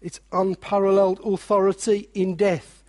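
A man preaching a sermon, animated, with joking asides and quiet, weighty drops. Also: sits high, moderate pace.

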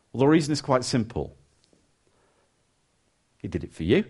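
A man preaching a sermon in a conversational way, often voicing what his listeners might be thinking. His pitch swings widely, climbing high on emphatic questions and dropping low for quiet, earnest points. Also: moderate pace, pauses often, breathy edge. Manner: lively, rising emphatic questions then quiet earnest asides; conversational, acts out listeners' thoughts.

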